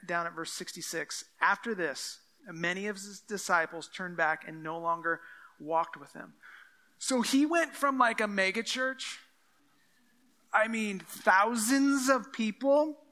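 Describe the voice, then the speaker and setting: A man preaching a casual, expository sermon, with a notably high and bright voice. He reads the scripture passages aloud and acts out the lines of the people in them. He speaks to the congregation as if in everyday conversation. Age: adult with children. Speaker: pastor.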